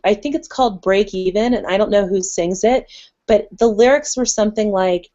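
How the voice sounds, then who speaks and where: A woman's voice: medium pitch, normal speed, dark tone. A young adult woman chatting candidly, telling personal stories with lots of "like". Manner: candid, storytelling, uses "like" a lot. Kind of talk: casual chat. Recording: dull lo-fi stream audio.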